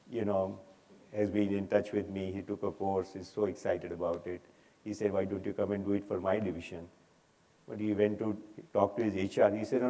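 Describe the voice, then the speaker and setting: A man's voice: lowish voice, a little mellow. An older man with an Indian English accent addresses a conference audience. He talks in an emphatic, preaching manner. His force rises and drops as he drives points home. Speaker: speaker. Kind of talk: inspirational talk on stage. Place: conference hall.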